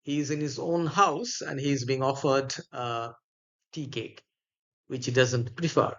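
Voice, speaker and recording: Halting male literature lecturer. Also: medium pitch, a bit bright, dull audio. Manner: halting, with many fillers. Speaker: literature teacher.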